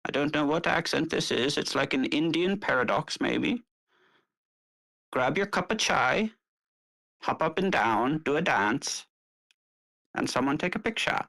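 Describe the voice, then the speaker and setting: A man's voice: on the high side, expressive, a little slow, creaky, long pauses, pushed and bright, poor audio. A man improvising a playful comic announcement, rambling through what he sees as he calls people into line. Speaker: guest.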